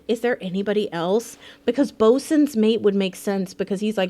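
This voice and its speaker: A woman's voice: mid-range voice, moderate pace, hardly any pauses, darkish tone. A woman streaming a game live, chatting playfully and swearing freely as she thinks aloud. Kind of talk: casual live gameplay commentary.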